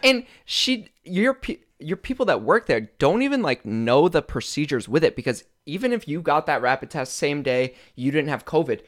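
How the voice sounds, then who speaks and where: Young guy on a podcast, kinda high voice, jumps around a lot, laughs and swears. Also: animated, normal speed, few pauses. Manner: laughing often, crude and self-mocking. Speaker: podcast co-host. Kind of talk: casual chat.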